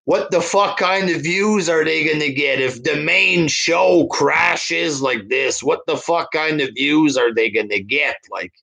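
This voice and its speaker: A man's voice: a little high, measured pace, gravelly, few pauses, bright, forceful tone. A man hosting a stream, reading viewer comments aloud and answering them with a crude, scornful rant. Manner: crude, scornful, fillers like "like" and "there". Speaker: host reading viewer chat. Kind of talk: profane rant reading live chat.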